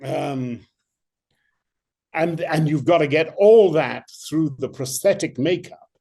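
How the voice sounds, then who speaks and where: An older male actor, a guest in an interview, telling animated stories with many restarts. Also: fairly high pitch, slow pace, vocal fry, husky. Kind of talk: interview anecdotes.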